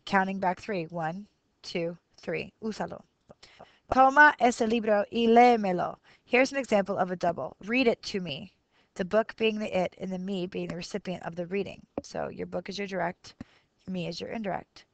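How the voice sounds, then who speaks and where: A woman's voice: mid-range voice, normal speed, creaky, dry recording. A woman in her thirties teaching a grammar lesson on video, explaining patiently and counting syllables aloud as she thinks through each example. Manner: switches between Spanish and English explanations, counting syllables aloud. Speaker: Spanish teacher.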